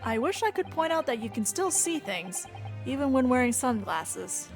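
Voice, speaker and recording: Earnest polite young lawyer guy, lively high voice, woman streamer reading him. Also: normal speed, over music. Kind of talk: reading game dialogue aloud.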